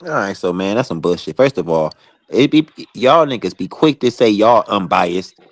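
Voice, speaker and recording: A man's voice: on the low side, expressive, normal speed, dry recording. A man on a live panel stream, arguing combatively, swearing and cutting in while asking to finish. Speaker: panel guest. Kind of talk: heated panel debate.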